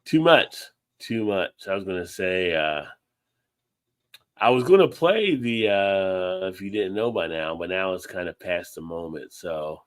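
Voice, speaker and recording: A man's voice: low voice, animated, measured pace. A man hosting a casual livestream chat over beers, rambling and laid-back, swearing now and then. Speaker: livestream host.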